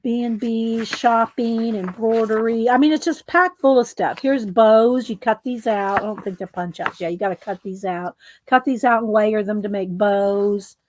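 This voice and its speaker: A woman's voice: fairly high pitch, steady tone, normal speed, a little mellow, slight background noise. A middle-aged woman chatting casually while showing her craft supplies, rambling with asides and fillers. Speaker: craft vlogger. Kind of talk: casual craft show-and-tell.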